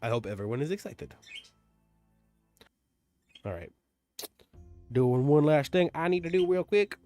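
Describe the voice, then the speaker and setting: A man running a livestreamed tabletop game as dungeon master, talking in an animated, rambling way and repeating himself as he greets chat and recaps the story. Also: a little high, a little slow, faint music behind.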